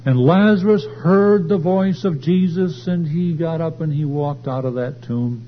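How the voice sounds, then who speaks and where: Man preaching in church, kinda high voice, gets louder on the big points, muffled old tape w/ a little hum. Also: unhurried. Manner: emphatic, swells louder and higher on key points. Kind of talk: sermon. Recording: dull lo-fi recording with faint hum.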